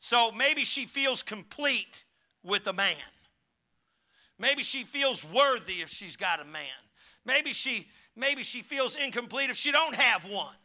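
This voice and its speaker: A man's voice: extremely high pitch, pushed and bright. A pastor preaching a sermon in a church, folksy and emphatic, building in fervor as he teaches. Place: church sanctuary.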